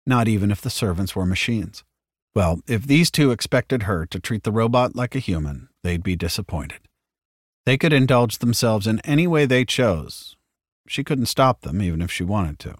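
Low-voiced man reading a story. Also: lively intonation, normal speed, no echo, clean studio sound. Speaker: narrator. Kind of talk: audiobook reading of science fiction.

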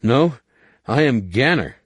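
A man's voice: medium pitch, very animated, slow, breathy edge, dry recording, pitched above the performer's own voice, full character voice. Man playing a mockingly cheerful Jedi warrior. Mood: mocking defiance. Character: bold young male Jedi warrior, cheerful and defiant.

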